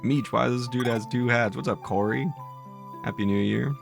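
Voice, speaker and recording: A man's voice: medium pitch, steady tone, moderate pace, vocal fry, music in the background. A man giving jokey, casual live-stream commentary, laughing at his own bits. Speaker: game streamer.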